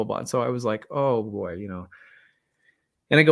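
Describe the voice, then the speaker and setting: Speaking at normal speed in a lowish voice with vocal fry and lively intonation, this man pauses often. As host of an astrology channel, he rambles candidly through a personal story in a casual monologue, with many fillers and self-deprecating comments.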